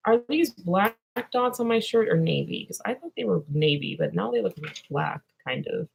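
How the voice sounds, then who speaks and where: A woman's voice: on the low side, lively intonation, normal speed, vocal fry, husky, lo-fi sound. A young woman vlogger answering viewer questions in a rambling, drowsy way that trails off into mumbles. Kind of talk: casual livestream Q&A chat.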